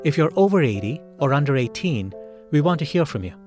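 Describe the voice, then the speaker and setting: A man hosting a podcast, narrating a scripted story in a calm, measured way. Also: a little high, over music. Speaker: podcast host.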